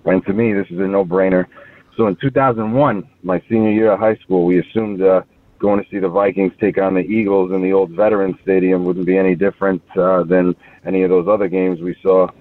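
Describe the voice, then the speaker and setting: A man's voice: deep voice, fairly even intonation, fairly quick, recorded from a distance. A young man with a Long Island accent leaving a rambling voicemail story, full of fillers. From Long Island, New York. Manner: chatty storytelling with many fillers. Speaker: voicemail caller. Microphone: phone. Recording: tinny phone line.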